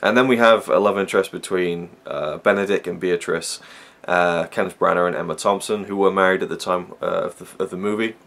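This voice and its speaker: Low, gravelly man reviewing films. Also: steady tone, brisk, hardly any pauses, fairly bright tone. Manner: rambling, with many fillers and restarts. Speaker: film reviewer. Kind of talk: casual spoken film review.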